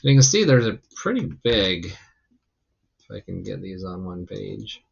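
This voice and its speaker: In a recorded physics lecture, a man explains the material loosely and rambles, full of ums, fillers and restarts. He speaks slowly at a fairly low pitch, gravelly when relaxed, and the audio sounds dull.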